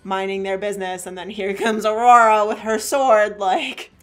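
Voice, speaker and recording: A woman's voice: medium pitch, flat delivery, moderate pace. A woman chatting casually while playing a video game, rambling through her thoughts, laughing often and swearing. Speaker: let's play co-host. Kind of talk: casual gaming chat.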